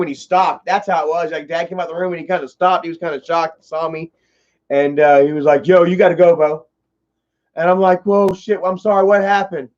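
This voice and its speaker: A man's voice: fairly high pitch, dull audio. A man telling a long personal story on a livestream, rambling and cursing, full of "you know" and "bro.". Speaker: streamer.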